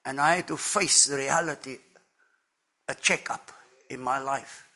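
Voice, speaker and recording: Casting note: older man, slow and deliberate, bright forceful tone, church testimony. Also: mid-range voice. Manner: earnest and emphatic, with slow deliberate phrasing. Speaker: church member giving testimony. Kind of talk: sermon testimony.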